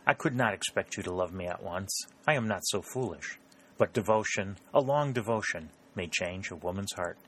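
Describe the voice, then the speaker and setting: A man's voice: sits low, moderate pace, fairly bright tone, breathy edge, heavily acted. A man reading a proud, ardent male secretary who pleads his love in an audiobook.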